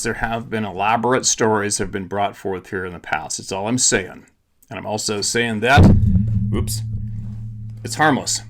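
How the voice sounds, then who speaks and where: A man's voice: mid-range voice, a bit bright. A tired man hosting his own channel, talking to viewers in a blunt, casual monologue with swearing, repeats and restarts. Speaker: channel host.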